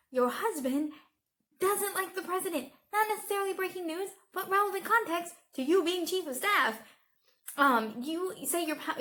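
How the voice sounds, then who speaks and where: A high-pitched woman's voice talks straight to her viewers in a loose, chatty commentary. She is sarcastic and exasperated, and she throws pointed asides at the person she is discussing. Her delivery is casual and conversational. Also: a bit bright. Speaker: YouTube commentator.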